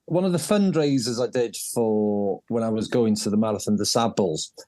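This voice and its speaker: A man, a race director telling stories as a guest in a casual interview, jokey and animated. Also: fairly low pitch, normal speed, dry recording. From North Wales.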